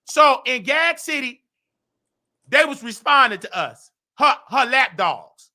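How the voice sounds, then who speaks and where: A man hosting a gossip show, talking brashly and animatedly with a Southern US accent, trash-talking and shouting out his critics. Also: extremely high pitch, lively intonation, slow. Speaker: show host. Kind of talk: loud gossip commentary.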